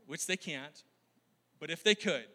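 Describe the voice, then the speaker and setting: With a fairly high, bright and forceful voice, this pastor preaches a little slowly, laughing frequently and quizzing his congregation. The recording carries long hall reverb.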